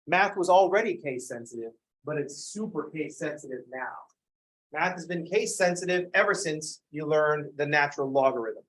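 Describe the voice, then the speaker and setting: A man's voice: fairly high pitch, normal speed. Wry, joking man giving a math lecture. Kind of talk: classroom lecture. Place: classroom.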